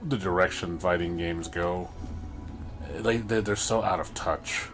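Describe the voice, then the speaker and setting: A man's voice: deep voice, unhurried, music in the background. A man livestreaming, ranting in frustration in casual commentary, often repeating and restarting his words.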